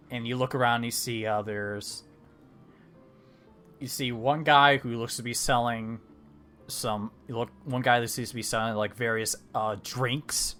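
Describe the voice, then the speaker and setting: A man's voice: medium pitch, sharp tone. A man narrating a tabletop game as dungeon master, rambling with many fillers and restarts.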